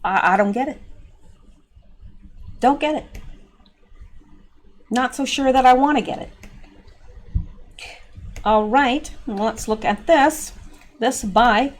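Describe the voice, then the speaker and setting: A woman's voice: a little high, slow, long pauses. A woman hosting an opinionated political commentary vlog, talking in a sarcastic, mocking, exasperated way. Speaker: political commentary channel host.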